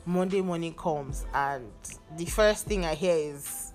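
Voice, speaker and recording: A young Nigerian woman hosting her own podcast, venting in an exasperated, animated way and swearing now and then. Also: low voice, a little slow, faint music behind. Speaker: podcast host. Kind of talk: casual solo venting monologue.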